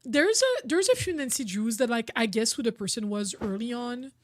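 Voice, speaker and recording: A woman's voice: a little high, animated, normal speed, dry recording, studio quality. A young woman streaming a video game, chatting casually and rambling with frequent laughs. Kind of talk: casual gameplay commentary.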